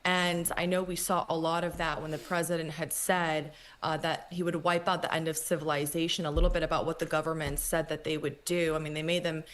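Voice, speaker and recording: A woman commentator speaking in an earnest, measured way during an interview. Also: deep voice, level tone.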